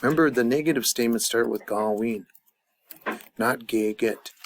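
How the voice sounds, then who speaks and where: Gravelly guy working thru grammar at a chart, lots of uh and restarts. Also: medium pitch, normal speed. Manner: thinks aloud with many fillers. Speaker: language teacher. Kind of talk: casual grammar lesson at a chart.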